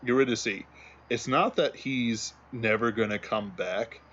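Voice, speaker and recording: A man's voice: on the low side, unhurried, a bit bright, breathy edge, lo-fi sound. A man co-hosting a livestream in casual chat, rambling while hunting for memes. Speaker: livestream co-host.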